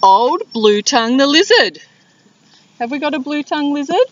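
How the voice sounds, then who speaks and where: An Australian woman, a primary school teacher, reading a picture book aloud to young children in a playground, speaking warmly and encouragingly. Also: high voice, big pitch swings. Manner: warm, encouraging, slow and clear. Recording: dull lo-fi with wind noise outdoors.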